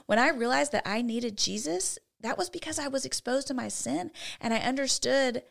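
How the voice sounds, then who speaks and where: A woman's voice: sits high, normal speed, vocal fry. A woman co-hosting a faith-based parenting talk, teaching in an earnest way and often checking in with "right?". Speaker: co-host.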